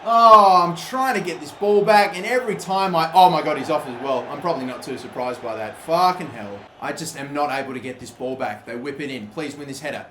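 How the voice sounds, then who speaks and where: A young man giving live commentary over a football video game, swearing freely and shouting at big moments. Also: a little high, brisk, few pauses, roomy sound, slight background noise. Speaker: gaming commentator.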